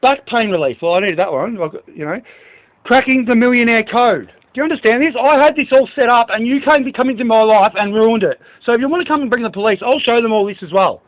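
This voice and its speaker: A man's voice: very high voice, expressive, fast talker. A man in an agitated, rambling monologue, swearing and reading out a list of book titles to staff. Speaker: speaker addressing staff. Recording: tinny phone-like recording.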